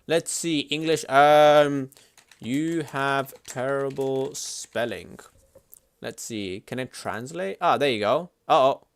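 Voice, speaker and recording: A man streaming live at his computer, chatting casually in an excitable, slangy, swear-heavy way. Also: mid-range voice, slow pace, creaky, clear, resonant tone, no room sound.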